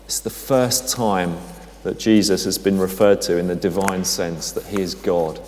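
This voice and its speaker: A man preaching a sermon in a conversational, gently humorous storytelling way. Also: sits low, fairly even intonation, unhurried, slight background noise. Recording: long hall reverb.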